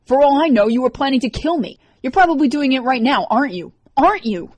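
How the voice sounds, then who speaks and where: A woman voicing a frightened, furious teenage girl in an audiobook, accusing and shrill. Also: animated, brisk, a little mellow, husky.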